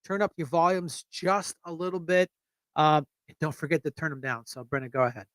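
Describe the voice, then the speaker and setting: A man's voice: a little high, a little fast, fairly bright tone, no echo. A man hosting a casual political livestream, with an Erie, Pennsylvania accent, blunt and joking as he rambles. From United States. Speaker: show host.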